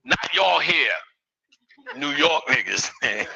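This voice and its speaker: A man's voice: on the high side, big pitch swings, moderate pace, vocal fry, pushed and bright, slightly rough, poor audio. A man in his fifties giving a live lecture to an audience, joking and swearing as he riffs with the crowd. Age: 50s. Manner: profane, joking, riffing with the audience. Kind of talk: live comedic spiritual lecture.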